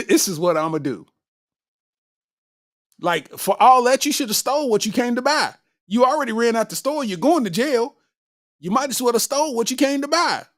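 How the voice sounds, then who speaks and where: A man's voice: sits high, dry recording, clean studio sound. A man hosting a comedy podcast, riffing casually in heavy slang and laughing constantly between lines. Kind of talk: casual comedic chat reacting to viewer comments.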